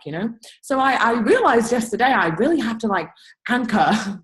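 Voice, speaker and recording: Young woman, team leader on a video call, energetic and blunt, swears, loud bursts. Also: on the high side, normal speed, low-quality recording. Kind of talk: motivational rant to a team.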